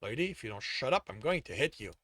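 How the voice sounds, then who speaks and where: A man voicing a cruel, lanky male thug with a stick, loud and sneering. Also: medium pitch, very animated, fast, dry recording, voice pushed down.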